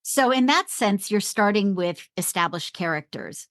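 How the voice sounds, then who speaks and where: A woman's voice: mid-range voice, expressive, a bit bright, no echo, studio quality. A woman hosting an interview, asking eager follow-up questions in a casual chat. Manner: enthusiastic, quick follow-up questions. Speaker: podcast host, educator.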